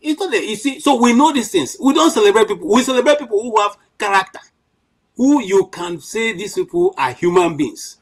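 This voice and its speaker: A middle-aged Nigerian man speaks with a fairly high voice and plenty of fire. He argues his point emphatically on a panel, often restarting his sentences and filling gaps with "you know". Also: very animated, brisk, rough recording. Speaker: panel commentator. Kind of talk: impassioned political commentary.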